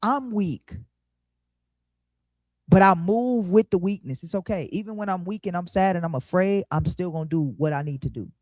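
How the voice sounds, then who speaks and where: A man's voice: darkish tone, no echo. A man preaching in an emphatic, rhythmic way, drawing lessons from scripture. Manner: emphatic, rhythmic, dips low and slow to stress. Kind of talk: sermon, Bible study commentary.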